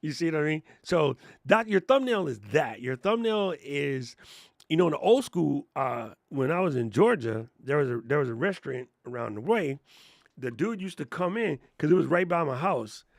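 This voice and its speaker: A man coaching creators in a loose livestream class. He talks in slang and tells animated stories with frequent laughs. His voice sits fairly high with a gravelly edge. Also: normal speed, dry recording, clean studio sound. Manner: slangy, animated storyteller who laughs often. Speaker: host and content coach. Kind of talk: casual livestream teaching chat.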